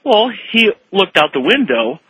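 A man's voice: high-pitched, sing-song, unhurried, fairly bright tone, slightly rough, dry recording, rough recording. A man calling in to a radio show, rambling through a story and acting out the quotes with animation. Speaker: caller.

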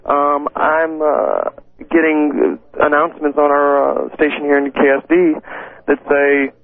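A man calling in to a radio show, rambling and halting with many fillers. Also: fairly high pitch, creaky. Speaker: caller. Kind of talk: call-in radio. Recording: tinny phone line.

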